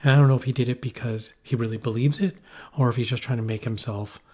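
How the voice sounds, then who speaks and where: A man co-hosting a casual podcast, rambling through an animated story with playful asides. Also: medium pitch, quick pace. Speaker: podcast co-host. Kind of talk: casual conversational podcast chat. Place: poorly heated shack.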